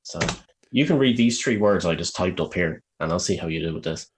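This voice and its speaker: A man's voice: deep voice, expressive, a little fast, background noise. A man with an Irish accent co-hosting a podcast in casual chat, teasing and often laughing and swearing. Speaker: podcast co-host.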